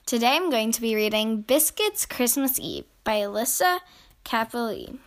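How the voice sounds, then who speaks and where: A woman reading a picture book aloud to children in a gentle storytelling manner. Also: fairly high pitch, very animated, moderate pace.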